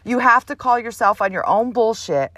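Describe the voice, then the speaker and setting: A woman's voice: fairly high pitch, lively intonation, normal speed, fairly bright tone, no room sound. A mother hosting her own show, delivering a blunt, profane, emphatic motivational monologue. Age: adult mother. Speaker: host.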